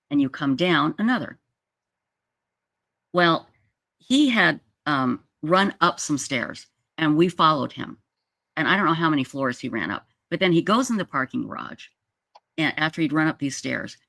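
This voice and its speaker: A woman hosts a casual livestream, telling a story with animated energy and frequent restarts. She speaks into a video-call mic from an indoor setup. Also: sits low, vocal fry. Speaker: livestream host.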